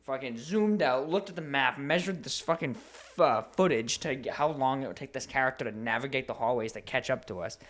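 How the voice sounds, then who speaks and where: Casting: young male podcast co-host, animated, swears a lot, laughs often. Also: medium pitch, a little fast, few pauses. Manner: laughing, profane, animated storytelling. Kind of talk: casual chat.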